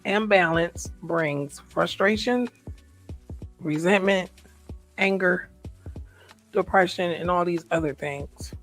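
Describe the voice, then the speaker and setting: A woman's voice: fairly low pitch, slow pace, long pauses, fairly bright tone, faint music behind. An American woman talking in a personal, reflective vlog monologue. She speaks in a heartfelt, emotional way and repeats her affirmations. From United States. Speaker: vlogger.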